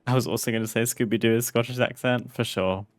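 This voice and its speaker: A man's voice: medium pitch, steady tone, fast talker, no room sound. A man streaming a video game, chatting casually with viewers, laughing often and reading game text aloud. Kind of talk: casual gameplay commentary.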